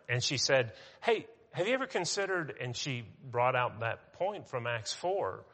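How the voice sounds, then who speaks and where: A man preaching a sermon as pastor, talking in a conversational way with restarts, and slowing down for emphasis. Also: medium pitch, pushed and bright, long reverb tail.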